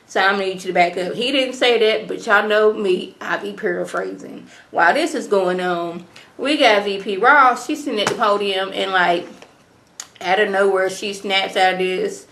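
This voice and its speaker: A woman casually recapping a TV drama episode in a chatty, slangy, animated way. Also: mid-range voice, moderate pace, gravelly, roomy sound, a little hiss or hum. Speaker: TV episode reviewer.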